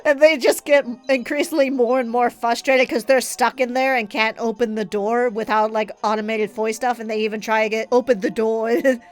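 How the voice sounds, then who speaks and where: A woman's voice: fairly high pitch, steady tone, moderate pace, few pauses. A woman streaming a game, chatting casually with a stuffy nose, giggling and rambling through stories. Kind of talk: casual live-stream chat.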